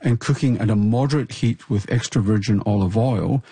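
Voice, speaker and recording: A man, a health expert co-hosting a podcast, explaining in a measured way with frequent restarts. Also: on the low side, mellow, breathy edge, dry recording.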